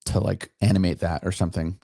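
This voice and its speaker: A man's voice: low voice, fairly even intonation, fast talker, gravelly, warm tone, slightly rough, dry recording, clean studio sound. A man who is a soldier, chatting as a podcast guest, hesitant with many fillers. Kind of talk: casual interview chat.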